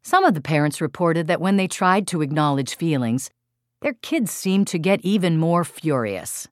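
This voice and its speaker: A woman with a low voice narrates an audiobook about her parenting workshops. Her delivery is expressive and emphatic. The recording is dry and close, with no room echo. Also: moderate pace. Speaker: author and parenting workshop leader.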